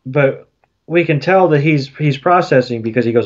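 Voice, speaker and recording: A man with a fairly high voice co-hosts a podcast, recapping the plot of a cartoon episode at a normal pace. He rambles casually, with lots of fillers and restarts, and the sound is lo-fi.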